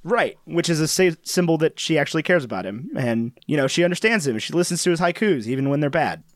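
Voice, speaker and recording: A man's voice: fairly high pitch, animated, fast talker. A man co-hosting a podcast in casual, joking chat, rambling and breaking into accent impressions. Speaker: podcast co-host.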